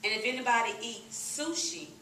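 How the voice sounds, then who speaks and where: A middle-aged woman giving a lively, laughing, folksy testimonial to a live audience at a business meeting. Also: fairly high pitch, normal speed. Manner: lively, laughing, folksy, addresses crowd as "y'all". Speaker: sales presenter at a business meeting. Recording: echoey room, recorded from a distance.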